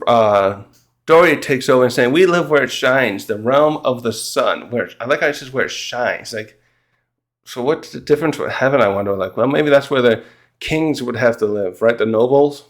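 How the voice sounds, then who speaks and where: A man recapping a manga chapter in casual chat, rambling and halting, often laughing and acting out the characters' lines. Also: mid-range voice. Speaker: manga reviewer.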